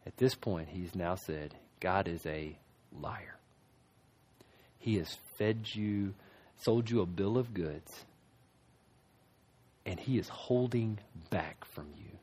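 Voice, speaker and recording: Husky pastor guy preaching, lowish voice, gets loud then drops quiet. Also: slow pace. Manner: emphatic, swings from loud to hushed. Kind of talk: sermon.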